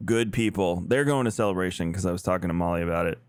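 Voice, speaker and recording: A man's voice: low-pitched, quick pace, clear, resonant tone, no room sound, clean studio sound. A man co-hosting a casual podcast, joking around and breaking into silly voices. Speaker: podcast co-host.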